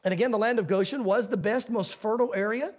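A middle-aged man preaching a sermon as a pastor, talking in a relaxed, folksy way. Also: sits high, fast. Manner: conversational, folksy preaching with quoted voices.

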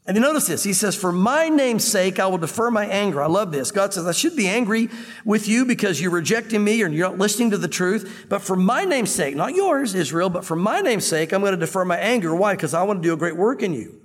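A high-voiced man preaches in a husky tone, his words ringing with the long reverb of a large hall. He talks conversationally and with animation, and now and then drops suddenly to a hush. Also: lively intonation, fast. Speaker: pastor. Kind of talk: expository sermon.

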